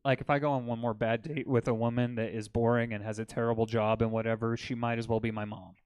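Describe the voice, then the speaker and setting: A man doing a stand-up comedy set in a comedy club, telling crude jokes with deadpan delivery and bantering with the crowd. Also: mid-range voice, fast, clean tone, dry recording.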